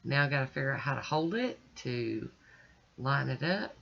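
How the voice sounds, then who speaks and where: With a very deep, creaky voice and lively intonation at a moderate pace, a woman vlogger talks her viewers through a nail art tutorial. She's chatty and folksy, addressing them directly and homily while working. The lo-fi recording sounds dull.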